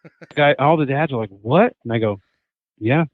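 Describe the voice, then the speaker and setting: Here a man in his thirties, a hunter and chef, chats casually as a podcast guest at a moderate pace and medium pitch. His stories come out lively, and he voices what others said as he goes. The line is tinny and phone-like, without room sound.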